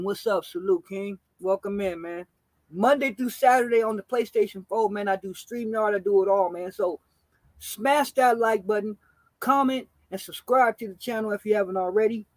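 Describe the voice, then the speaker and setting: High-voiced laid-back streamer man. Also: no echo, poor audio. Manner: laid-back, slangy, swears freely, greets chat. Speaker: gaming streamer. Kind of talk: casual live-stream storytelling.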